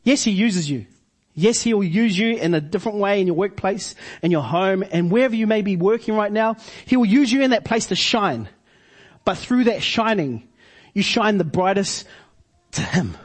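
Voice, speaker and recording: A man preaching a sermon to his congregation, repeating key phrases slowly for emphasis. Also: sits high, lively intonation. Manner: preaching with slow emphatic repetitions. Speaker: pastor.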